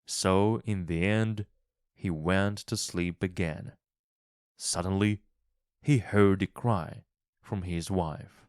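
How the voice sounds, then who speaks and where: A man narrating a story slowly and calmly for English learners. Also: deep voice, no echo, studio quality. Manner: calm, clearly paced reading.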